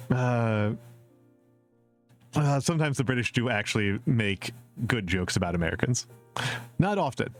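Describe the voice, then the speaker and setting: A man from the Upper Midwest of the US chatting casually on a live stream, rambling and repeating himself with lots of fillers. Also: on the low side. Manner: chuckles at his own jokes. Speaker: VTuber streamer answering viewer questions.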